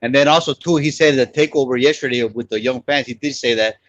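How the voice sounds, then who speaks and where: On a heated live sports panel, a man argues his point insistently, repeating words when pressed. His medium-pitched voice is quick and a bit bright, with no room sound.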